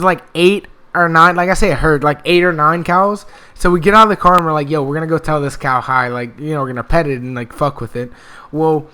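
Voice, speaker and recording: A young man with a high-leaning, bright voice tells a long personal story in loose, casual speech. He rambles, swears freely and fills every pause with "like" and "well.". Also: clear, resonant tone. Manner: rambling, profane, full of "like" and "well".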